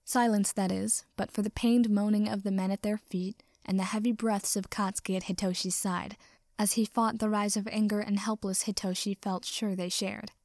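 A woman narrating a story in a measured, even reading. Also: mid-range voice, no room sound, studio quality.

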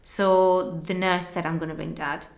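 A young woman with a fairly low voice tells a personal story with emotional earnestness. She replays conversations in quick back-and-forth, and the recording carries a roomy echo. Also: little pitch movement, vocal fry. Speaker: guest telling her story.

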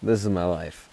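A man's voice: sits low, gravelly, dark tone, slight background noise. A young man telling a hiking story in a laid-back, rambling, profane way. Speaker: hiker. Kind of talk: casual storytelling.

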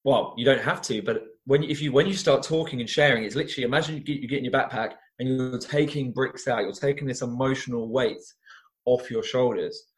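A man's voice: medium pitch, brisk. Earnest young man telling stories. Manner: earnest, animated storyteller with frequent restarts. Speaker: guest, former teacher and youth coach. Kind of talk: conversational interview storytelling.

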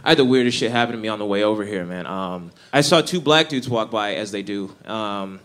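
A man's voice: on the low side, fairly quick, a bit bright. Wry young male stand-up comic. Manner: conversational, wry, laughs at own jokes. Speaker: stand-up comedian. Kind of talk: stand-up comedy set. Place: comedy club stage. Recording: live club recording with crowd and noise. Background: audience laughter.

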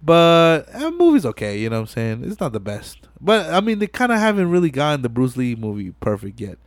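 A man's voice: a little high, brisk, no room sound. Casual male podcast host retelling a movie. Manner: animated retelling with profanity, acts out lines. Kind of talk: casual movie recap chat.

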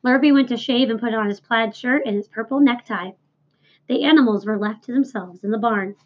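Woman, storybook read-aloud, expressive, high-ish voice, dull lo-fi recording. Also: a little fast. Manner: clear, expressive narration. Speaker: reader.

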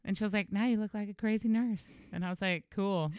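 A woman's voice: mid-range voice, expressive, normal speed, no room sound, clean studio sound. A woman chatting casually as a podcast co-host, rambling through stories with frequent giggles. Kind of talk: casual chat.

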